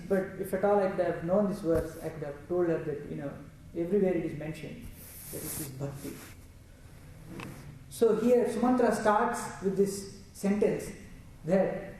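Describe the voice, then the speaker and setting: A Telugu-man leads a scripture discourse, explaining the text and reciting Sanskrit verses. His voice is fairly high and mellow. The mic is far away in a heavily echoing room with faint ambience. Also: slight background noise. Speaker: religious storyteller.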